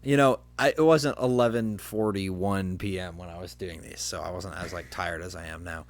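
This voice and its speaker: A man's voice: deep voice, fairly even intonation, normal speed. A young adult man hosting a podcast, telling a rambling story in casual chat with lots of fillers. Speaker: podcast host.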